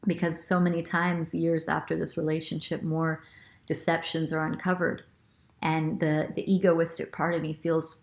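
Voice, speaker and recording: Low, flat-voiced woman telling a story. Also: normal speed, gravelly. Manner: reflective, earnest, with many fillers and restarts. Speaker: spiritual guide and host. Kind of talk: personal storytelling monologue.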